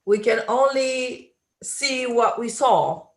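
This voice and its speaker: A woman's voice: a little high, takes it slowly. A woman guest in a live online talk, thoughtful and searching for her words over a video call. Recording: roomy echoing room.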